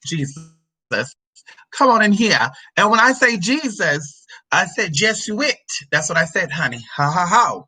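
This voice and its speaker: A sassy woman vlogger talks straight to her viewers, swearing freely and drawling "honey" and "girl." Her voice is bright and husky, and her pitch swings widely as she moves between chat and scripture reading. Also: poor audio. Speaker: spiritual reader answering a viewer's question. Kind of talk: casual vlog with scripture reading.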